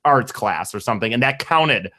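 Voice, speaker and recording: A young man co-hosting a podcast, telling a story in a rambling, halting, self-deprecating way. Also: medium pitch, expressive, pushed and bright. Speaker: podcast co-host. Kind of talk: casual chat.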